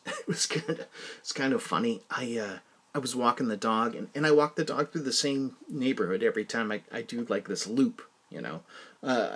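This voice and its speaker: A man's voice: mid-range voice, fairly bright tone. Rambling man telling a story. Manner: rambling, self-correcting anecdotes. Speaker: podcast host. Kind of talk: casual solo podcast storytelling.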